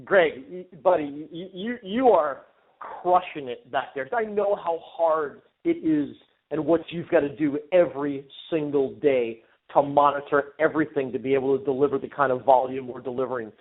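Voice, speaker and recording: A man talking excitedly on a business call, stammering and full of hype. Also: on the high side, moderate pace. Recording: tinny phone-line audio.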